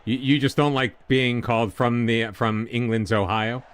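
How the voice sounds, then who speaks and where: An American man casually commentating while he streams a football management game and chats with viewers, rambling and excitable. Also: medium pitch, moderate pace, a little hiss or hum. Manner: chatty, rambling, excitable during goals.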